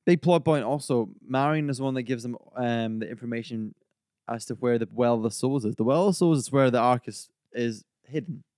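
A man's voice: mid-range voice, a little fast, a little mellow, dry recording, clean studio sound. A man hosting a casual podcast chat, enthusiastically walking his co-hosts through film trivia. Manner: enthusiastic, trivia-led storytelling. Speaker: podcast host.

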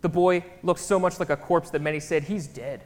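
A man with a slightly high, level voice talks briskly, preaching a casual, conversational sermon in a church. He's chatty and keeps checking in with the crowd, and the recording has a long hall reverb.

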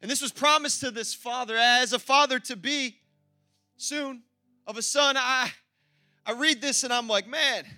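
A man preaching a sermon as pastor, energetic and exclamatory, with playful asides to the congregation. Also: extremely high pitch, measured pace, no room sound, clean studio sound, faint music behind.

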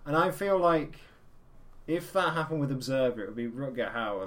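A man's voice: medium pitch, lively intonation, normal speed, background noise. Sweary man in casual chat. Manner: sweary, jokey, slips into silly impressions.

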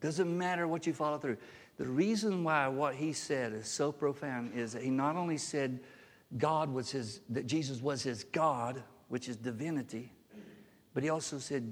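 A man preaching a sermon as a pastor, emphatic, with his pitch climbing sharply when he voices the words he quotes. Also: normal speed. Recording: long hall reverb.

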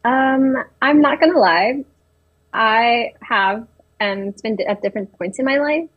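A woman's voice: a little high, unhurried, husky, dull audio. A young woman in her twenties, telling personal stories in casual talk, hesitant with many restarts and fillers. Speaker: interviewee.

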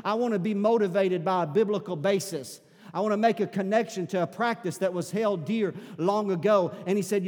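A man preaching a sermon as pastor in a church, building to shouted fervor. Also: high voice, a little fast. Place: church sanctuary. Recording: long hall reverb.

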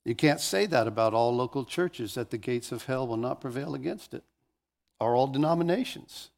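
A man's voice: mid-range voice, moderate pace, creaky, darkish tone. A man pastor preaching a sermon, telling stories with animation and often restarting phrases.

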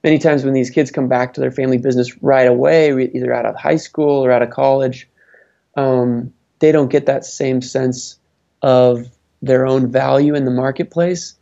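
A man's voice: medium pitch, steady tone, moderate pace, creaky, dark tone. A man advising on family businesses, speaking thoughtfully with many fillers and restarts. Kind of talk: conversational interview answers. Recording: dull lo-fi sound.

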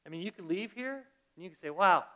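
A male pastor preaching a sermon, telling a story in a lively way and often restarting his phrases. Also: high-pitched, quick pace. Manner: animated storytelling with repeated restarts.

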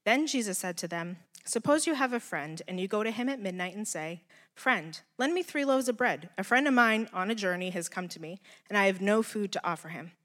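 A woman reading scripture aloud in a measured, deliberate way. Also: mid-range voice, lively intonation, a bit bright, big-room sound.

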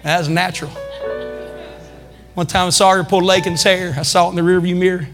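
High-voiced preacher in an echoey church. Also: male voice, flat delivery, fast talker, music in the background. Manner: emphatic, swings between loud calls and quiet asides. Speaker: pastor. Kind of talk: sermon. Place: church sanctuary.

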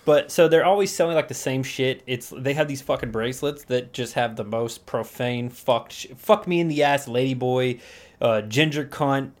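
A man's voice: mid-range voice, moderate pace. A man co-hosting a casual podcast with a laid-back, crude, self-mocking way of talking. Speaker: podcast co-host. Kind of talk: casual chat.

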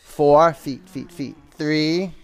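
A man's voice: on the high side, drawn-out words. A man leading a live yoga class, calling out poses, counting down holds and teasing and joking with his students in a studio. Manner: coaching, counts aloud, jokes and teases the class. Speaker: yoga instructor.

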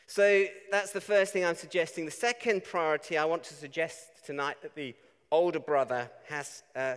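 A man's voice: a little high, normal speed, clear, resonant tone. A man preaching a conversational sermon, often asking tag questions of his listeners. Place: church. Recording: long reverb of a church.

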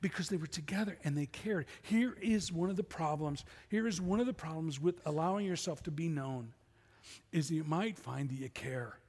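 A man's voice: on the high side, moderate pace, a little mellow, slightly rough, big-room sound. A middle-aged man preaching a sermon as pastor, conversational and full of rhetorical questions. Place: church sanctuary.

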